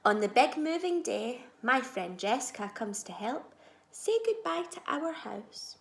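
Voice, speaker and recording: A woman teacher reading a children's storybook aloud, expressive, moving between soft asides and loud moments. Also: on the high side, unhurried, creaky, reverberant.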